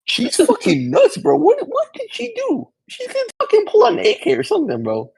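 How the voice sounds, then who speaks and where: A young man, a podcast co-host, with a gravelly, husky voice and animated, swaggering slang banter. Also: very high-pitched, normal speed, no room sound. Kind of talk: casual chat.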